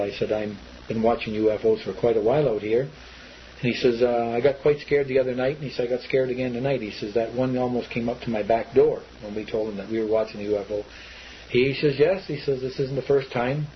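A man tells his story in a loose, rambling way, repeating words and acting out what others told him. His voice sits at an ordinary middle pitch. The recording is a little dull and muffled, with a faint hiss behind it. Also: fairly even intonation, fairly quick. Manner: rambling, repetitive, acts out quoted speech. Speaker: eyewitness telling his story. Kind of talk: casual spoken recollection.

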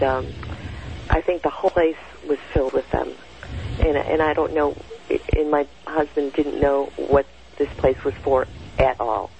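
Woman, 60s, gravelly, meandering storyteller; muffled recording with a faint hiss. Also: low-pitched. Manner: rambling, with many fillers and self-corrections. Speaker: storyteller recounting a personal experience. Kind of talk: casual spoken storytelling. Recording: dull lo-fi sound with faint noise.

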